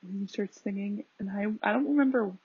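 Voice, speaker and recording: A woman's voice: medium pitch, fairly quick, breathy edge, dry recording. A young woman hosting a casual podcast, rambling chattily with lots of fillers and laughing at herself. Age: young adult. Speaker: podcast host. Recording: dull lo-fi home recording.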